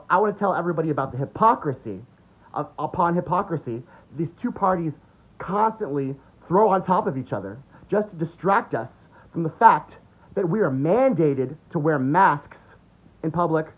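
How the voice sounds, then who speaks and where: On a dull lo-fi recording, a man from the United States, a political commentator, launches into a furious, sneering political rant laced with profanity. His voice sits on the high side, expressive, at a moderate pace.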